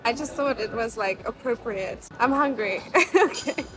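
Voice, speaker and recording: A woman's voice: on the high side, moderate pace, low-quality recording. A young woman vlogging to her phone camera, chatty and emotional, with lots of fillers. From South Africa. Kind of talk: casual vlog chat to camera. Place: outdoors on a hot city street, then a restaurant.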